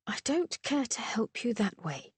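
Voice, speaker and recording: Woman doing a prim young lady, high and cool, polite but icy, dry sound. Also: big pitch swings, unhurried, slightly rough, dry recording, heavily acted. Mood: concerned. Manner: polite, frosty.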